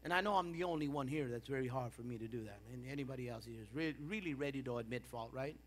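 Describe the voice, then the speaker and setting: A middle-aged male pastor preaching a sermon in a church, swinging between quiet reflection and impassioned bursts. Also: mid-range voice, quick pace, slight background noise. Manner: impassioned preaching with rising and falling intensity.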